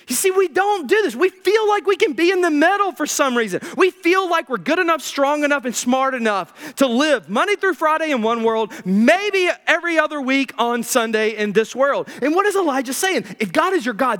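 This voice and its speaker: A man preaching a sermon, animated and joking, swinging between loud emphatic peaks and low quiet asides. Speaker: pastor.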